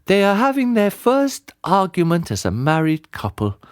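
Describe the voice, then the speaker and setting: A man reading aloud, voicing a cheerful, scatterbrained shopkeeper with an earnest, drawn-out manner. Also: high-pitched, huge pitch swings, clean tone, no echo, studio quality, voice pushed up.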